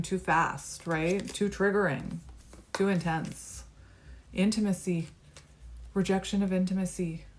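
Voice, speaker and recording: Lower-pitched woman reading tarot. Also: a little mellow. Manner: reflective, musing, card by card. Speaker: tarot reader.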